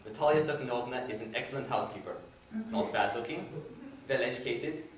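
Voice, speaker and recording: A man's voice: mid-range voice, brisk, lightly acted. A man playing a flustered, stammering suitor. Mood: anxious. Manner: flustered, stammering, overly formal. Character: nervous, excitable 35-year-old suitor. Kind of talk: amateur stage play. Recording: echoey hall from far off, faint noise.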